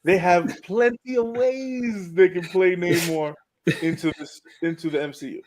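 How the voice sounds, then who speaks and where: A high-voiced man on a casual podcast. He talks bluntly, drops swear words freely, and reads the news items out in a plain, offhand way. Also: a little slow. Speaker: podcast co-host.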